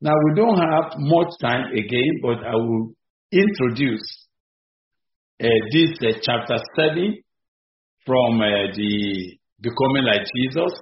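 A man preaching with a gravelly, mid-pitched voice, pressing his points again and again and now and then rising sharply in pitch and volume. The recording is roomy and echoey, and its sound is dull and muffled. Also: expressive, takes it slowly. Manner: emphatic, repetitive preaching with sudden rises in pitch and volume. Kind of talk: evening sermon.

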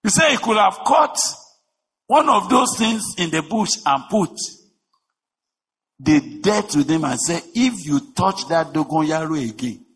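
A man preaching a sermon, emphatic, with rhetorical questions, swinging between shouting and a low voice. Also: big pitch swings, unhurried, breathy edge. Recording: long reverb of a large hall.

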